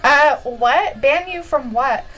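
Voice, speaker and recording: A woman's voice: high-pitched, expressive, slow pace, over loud music, poor audio. A woman co-hosting a casual live stream, giggling often and reading out chat messages. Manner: giggly, reads chat aloud.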